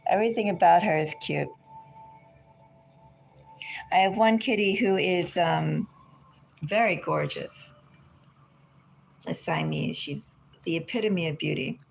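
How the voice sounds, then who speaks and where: A woman giving a casual tarot reading from home, chatty and unhurried, drifting into side remarks. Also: on the low side, vocal fry, a little hiss or hum. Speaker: tarot reader. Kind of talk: casual spiritual reading chat.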